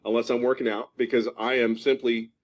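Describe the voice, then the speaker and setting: A man's voice: mid-range voice, flat delivery, fairly quick, low-quality recording. A man in his fifties from Philadelphia giving a passionate testimonial, emphatic and repeating himself for stress. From Philadelphia, USA. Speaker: program member giving a testimonial. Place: at home in California.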